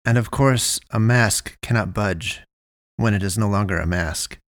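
A man narrating a first-person story in a measured, deliberate way. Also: fairly low pitch, no room sound, clean studio sound.

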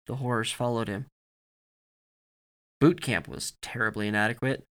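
A man reading a story aloud in a steady, grave narrating manner. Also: medium pitch.

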